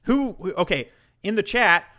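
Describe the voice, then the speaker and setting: A man's voice: high voice, animated, moderate pace, bright, forceful tone. Heated, profane male streamer ranting. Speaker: streamer commentator. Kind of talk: ranting commentary to a live chat.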